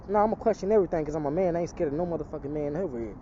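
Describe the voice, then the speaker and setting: A man's voice: on the high side, racing, hardly any pauses, mellow, muffled recording, slight background noise. A man telling a personal testimony in casual street talk, rambling and profane, slipping into an emphatic preaching tone.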